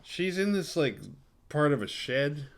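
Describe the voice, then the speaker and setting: A man's voice: on the high side, expressive, measured pace. A man hosting a horror movie podcast, recapping a film in a rambling, profane, sarcastic way.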